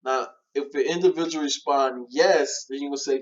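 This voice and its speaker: A man giving a relaxed, casual walkthrough of a cold-call script, with many fillers as he coaches callers. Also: medium pitch, moderate pace, few pauses, dull audio. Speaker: real estate trainer.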